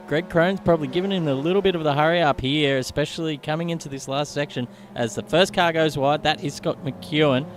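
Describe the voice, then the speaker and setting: Chatty race commentator man. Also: on the high side. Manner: chatty, quick, laughs along. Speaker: sim racing commentator.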